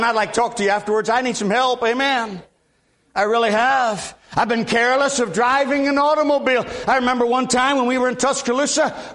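A man's voice: extremely high pitch, fairly bright tone. An older man from Alabama, preaching a sermon in a folksy way with repeated amens. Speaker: guest preacher.

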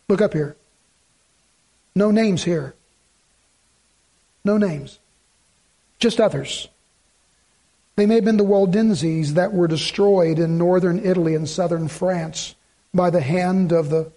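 A man's voice: high-pitched, warm tone. A male pastor preaching a sermon and reading scripture aloud, building to emphatic, repeated lines. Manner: preaching with rising emphatic repetition.

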